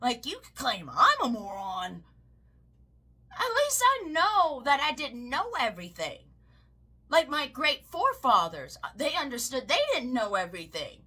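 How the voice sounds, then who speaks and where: A woman's voice: high-pitched, sing-song, a little slow, sharp tone, husky. A Southern woman giving heated, profane political commentary, swinging into mocking shrieks. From American South.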